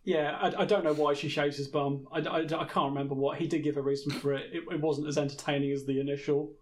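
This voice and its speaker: A man's voice: a little high, steady tone, fast, a little hiss or hum. A man co-hosting a podcast, chatting casually and dryly reading from his notes, often stammering and laughing along. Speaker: podcast co-host. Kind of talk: casual comedic chat, recapping from notes.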